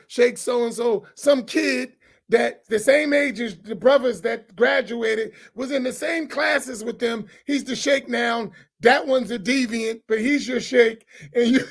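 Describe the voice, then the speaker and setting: A man preaches at full force, challenging his listeners and hammering his points through repetition. His voice sits very high and has a gravelly edge. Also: slow. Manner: loud, challenging, repeats phrases for emphasis. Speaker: imam on a roundtable. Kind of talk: impassioned preaching to an audience.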